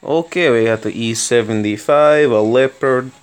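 A young man commenting on his own tank game in a playful mock Russian accent, with excitable outbursts mid-battle. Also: medium pitch, normal speed, clean tone. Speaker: gaming video host. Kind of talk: gameplay commentary.

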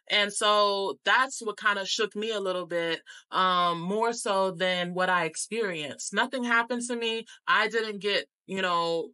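A woman's voice: mid-range voice, sharp tone, poor audio. A young American woman talking candidly to camera in a casual travel vlog, full of "like"s. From United States. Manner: candid, conversational, with many "like"s. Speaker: travel vlogger.

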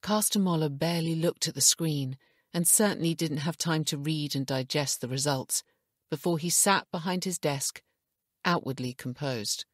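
A woman reading an audiobook as narrator in a steady, even storytelling manner. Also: deep voice, moderate pace, no room sound, clean studio sound. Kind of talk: scripted narration.

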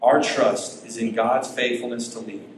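A man preaching a sermon as pastor, emphatic, with his pitch rising and falling. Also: fairly even intonation, a little slow, a little hiss or hum. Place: church sanctuary. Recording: echoey church hall.

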